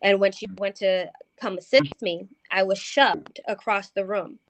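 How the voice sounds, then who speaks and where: A woman's voice: medium pitch, a little slow. A woman telling a ghost story as a paranormal investigator guest, hesitant and full of ums and restarts. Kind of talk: recounting a ghost story in conversation.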